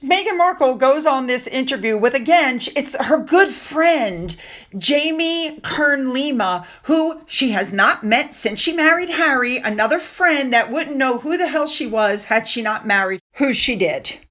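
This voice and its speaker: A woman's voice: sits high, expressive, a little slow, fairly bright tone. A woman hosting a commentary monologue, talking in a sarcastic and indignant way. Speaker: commentary channel host.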